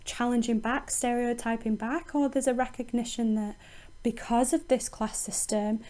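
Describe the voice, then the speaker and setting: A woman's voice: on the high side, steady tone, moderate pace, dark tone. A woman teacher explaining a poem in a recorded lesson, thinking aloud with frequent ums and restarts.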